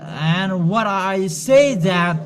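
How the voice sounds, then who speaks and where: A man preaching a sermon and scolding his listeners directly, in a halting way with frequent pauses and restarts. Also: sits high, lively intonation. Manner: admonishing the congregation directly.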